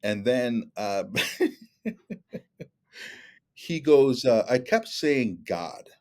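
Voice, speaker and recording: A middle-aged man chats in a relaxed, conversational way and slips into other people's voices whenever he quotes them. His pitch sits in the ordinary middle but moves around a lot, so the telling sounds lively and animated. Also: very slow. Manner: animated, acts out dialogue with shifting voices. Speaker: guest speaker. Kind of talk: storytelling in casual conversation.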